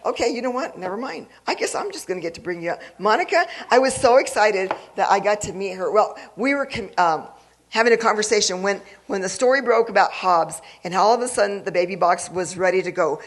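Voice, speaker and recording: An eager gala emcee in a church hall brings the keynote speaker to the stage. The delivery stops and starts, with many restarts, and the pitch sits at a middle level. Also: expressive, a bit bright. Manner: eager and halting, with frequent restarts. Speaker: event emcee.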